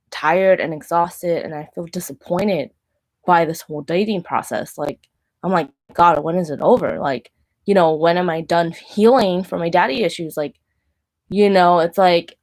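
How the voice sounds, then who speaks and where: A woman in her thirties, the show's host, talking candidly about faith and dating and leaning often on "like". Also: on the low side. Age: 30s. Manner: candid, heavy use of "like". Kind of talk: personal faith talk.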